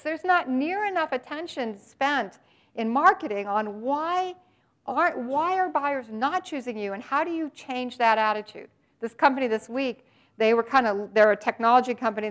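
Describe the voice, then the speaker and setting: A woman's voice: high voice, fairly bright tone. A woman giving a business presentation on marketing, speaking animatedly and emphatically and addressing her listeners directly.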